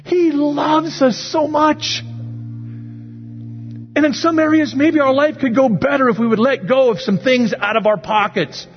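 A man's voice: very high voice, fairly even intonation, measured pace, dull audio, soft background music. A man preaching a sermon as pastor, asking his listeners earnest, repeated questions.

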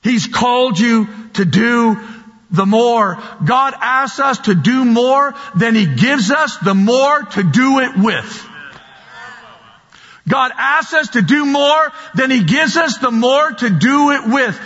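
Slow husky-voiced preacher in an echoing hall. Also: male voice, very high-pitched, expressive, a bit bright. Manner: slow, emphatic, repeating key words. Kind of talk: sermon. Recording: dull sound with long hall reverb.

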